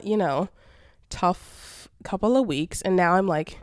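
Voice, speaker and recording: A woman's voice: fairly low pitch, takes it slowly, no echo, clean studio sound. A woman in her twenties hosting a casual solo podcast, chatty and sassy, talking through a congested nose and sore throat. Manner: chatty and sassy, calling listeners babes and girl. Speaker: podcast host.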